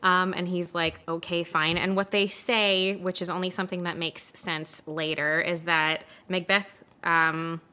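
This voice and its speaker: A woman co-hosting a casual chat, talking fast and loose, swearing and acting out characters. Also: lowish voice, flat delivery, pushed and bright, clear, resonant tone. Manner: chatty, swears, acts out characters in quick asides. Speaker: podcast co-host.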